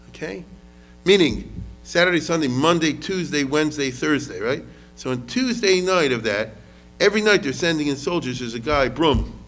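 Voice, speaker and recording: A man's voice: a little high, fairly bright tone. A man lecturing on history as a rabbi, talking casually, often asking the audience questions and mixing in Hebrew words.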